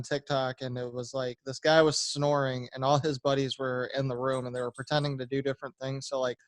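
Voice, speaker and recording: A man co-hosting a relaxed podcast, explaining things in loose, rambling sentences full of "like". His voice sits at a middle pitch. The sound is dry and close. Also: no room sound. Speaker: podcast co-host. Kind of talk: casual chat.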